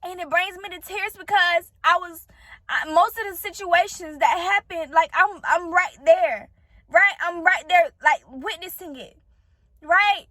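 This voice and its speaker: A woman with a very high voice gives an earnest, preachy motivational talk about faith to her viewers. The sound is dry and close. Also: a little slow, bright, forceful tone, no room sound. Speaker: vlogger giving encouragement.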